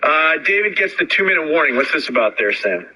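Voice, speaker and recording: A man hosting a radio talk show, steering the segment in a brisk, directing way. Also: fairly high pitch, very animated, sharp tone, a little hiss or hum, poor audio.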